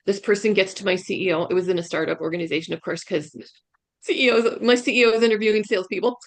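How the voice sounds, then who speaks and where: A woman's voice: medium pitch, fast. A woman career coach giving a webinar talk over a video call, emphatic and often checking in with "right?". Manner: emphatic, keeps asking "right?". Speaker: career coach, guest speaker. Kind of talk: webinar presentation.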